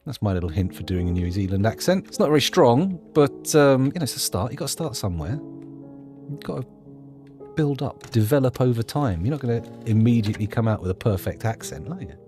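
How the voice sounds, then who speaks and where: A man's voice: medium pitch, expressive, fairly quick, a little mellow, faint music behind. A man hosting a gameplay video, thinking aloud in a jokey, self-deprecating ramble. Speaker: gameplay host. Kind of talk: rambling let's-play commentary.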